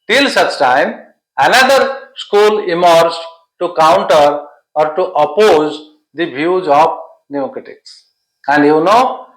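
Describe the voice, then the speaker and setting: A man's voice: on the high side, fairly bright tone, echoey room, rough recording. A man teaching literature for an exam-prep lesson, explaining patiently and stringing synonyms together. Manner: repetitive, listing synonyms, explanatory.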